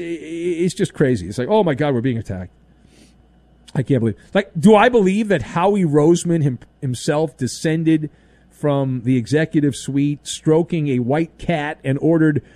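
A man's voice: high voice, dry recording. A man hosting a sports talk radio show, ranting sarcastically and mocking voices as he goes. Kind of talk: opinionated sports talk monologue.

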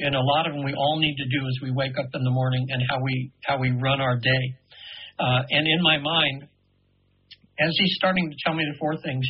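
A man in his seventies, a radio guest telling an earnest, meandering story full of halting restarts. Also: medium pitch, husky, lo-fi sound. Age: 70s.

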